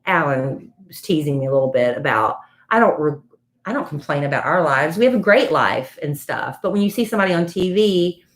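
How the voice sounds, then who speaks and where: Chatty low-voiced woman telling gossip. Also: expressive, a little fast. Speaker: podcast co-host. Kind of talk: casual chat.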